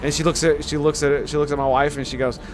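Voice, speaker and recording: A man's voice: a little high, little pitch movement, fast talker, background noise. A man in his thirties chatting casually and joking with viewers while playing a video game. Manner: rambling, jokey, talks to viewers. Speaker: gaming streamer. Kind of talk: casual let's-play commentary.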